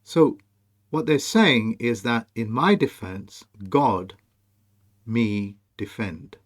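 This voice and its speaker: A man presenting a monologue over on-screen images, slow, emphatic and commanding as he speaks straight to the viewer. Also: medium pitch, animated. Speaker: video presenter.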